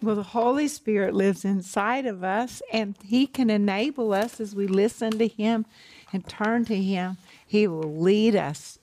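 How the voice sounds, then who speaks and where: A woman's voice: mid-range voice, unhurried, a little mellow, a little hiss or hum. A woman co-hosting a television ministry program, talking earnestly in plain testimony. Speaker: co-host, pastor's wife.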